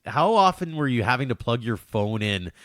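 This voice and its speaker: A man's voice: mid-range voice, sing-song, normal speed, a bit bright, no echo, studio quality. A man hosting a podcast interview, asking long, conversational questions. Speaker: podcast host.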